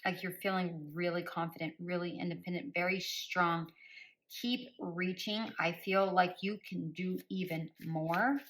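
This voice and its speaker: A woman's voice: lowish voice, fairly even intonation, a little slow, fairly bright tone, poor audio. A woman giving a spoken tarot reading. She speaks directly to listeners by star sign and repeats phrases for emphasis in a coaching tone. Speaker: tarot reader.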